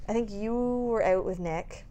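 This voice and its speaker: A woman's voice: mid-range voice, a little slow, slight background noise. A woman in her thirties, a mother of babies, telling a candid story in casual chat with lots of laughs and frank swearing. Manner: animated storytelling, laughing, swearing, acting out quotes.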